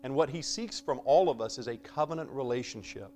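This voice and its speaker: A man preaching a conversational sermon, swinging between loud emphasis and soft asides and acting out quoted voices with humor. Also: mid-range voice, a little fast.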